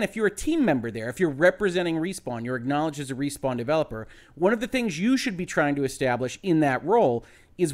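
A man who is a lawyer giving measured, methodical commentary and explaining his reasoning step by step. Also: on the high side. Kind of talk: analytical legal commentary.

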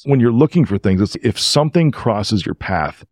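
Earnest low-voiced man telling a story. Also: normal speed, dry recording, studio quality. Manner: earnest, emotional and animated. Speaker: podcast guest. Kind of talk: casual storytelling.

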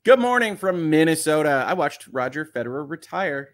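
A man's voice: on the high side, sing-song, moderate pace. A man in his thirties hosting a casual morning livestream, chatting and reading viewer comments with lots of fillers. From Michigan. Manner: chatty, rambling, many fillers. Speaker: livestream host.

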